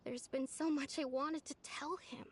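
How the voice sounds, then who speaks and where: An actress voicing a gentle young woman in a game who misses a dear friend, speaking softly and sincerely. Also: high voice, fairly even intonation, normal speed, noisy background, close to an everyday voice. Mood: wistful. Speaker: game character. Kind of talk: voiced game dialogue.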